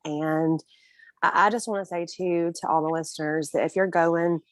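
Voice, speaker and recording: A woman's voice: on the low side, fairly even intonation, moderate pace, dry recording. A young woman guest in a casual interview, telling her own story earnestly and emotionally, often breaking into small laughs.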